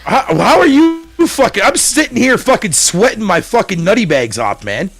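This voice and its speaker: A man's voice: high-pitched, sing-song, normal speed, creaky, a bit bright, soft background music. A man chatting as a guest on a live stream, joking, swearing a lot and laughing. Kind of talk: casual chat.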